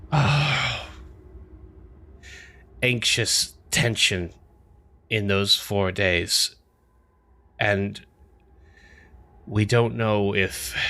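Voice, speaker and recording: A man voicing an anxious female island resident in a tabletop role-play, speaking haltingly and stumbling over words. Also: on the low side, bright, forceful tone, slight background noise, exaggerated voice. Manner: halting, stammering speech.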